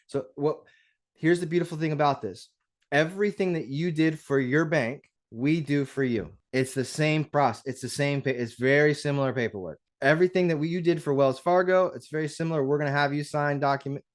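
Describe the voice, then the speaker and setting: A man with a voice pitched a little above the usual teaches on a livestream in a lively, chatty way. He acts out little conversations as he explains. He restarts his sentences often and keeps checking in with a quick "right?". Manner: animated, conversational, acts out dialogues; frequent restarts and rhetorical "right?". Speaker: real estate investing coach.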